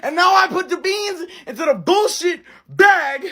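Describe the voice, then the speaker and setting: A man's voice: very high-pitched, expressive, unhurried, pushed and bright. A young man ranting furiously to camera, cursing and close to tears. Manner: furious, cursing, near-crying rant. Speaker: TikTok creator. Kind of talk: comedic rant to camera.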